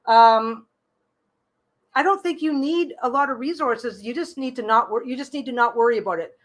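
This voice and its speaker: A slightly high-voiced woman gives live tarot readings in a loose, chatty way. She stumbles and repeats herself as she thinks aloud, then settles into reassuring advice. Her pitch sits a little above the usual. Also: moderate pace. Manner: chatty, frequent restarts and repeated phrases. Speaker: tarot reader hosting a live stream.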